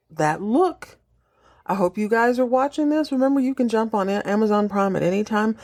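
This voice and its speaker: A woman with a mid-range voice hosts a podcast, recapping a TV episode in casual chat. She's jokey and animated, acting out the characters' lines.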